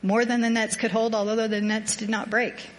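A woman's voice: fairly high pitch, level tone, moderate pace. A woman sharing a personal faith reflection in casual talk, rambling and self-deprecating, telling a story with animation. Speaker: small group participant sharing a reflection.

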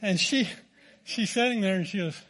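A man's voice: high-pitched, normal speed, fairly bright tone. A man with an American accent preaching a sermon, telling a folksy, self-deprecating story. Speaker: pastor.

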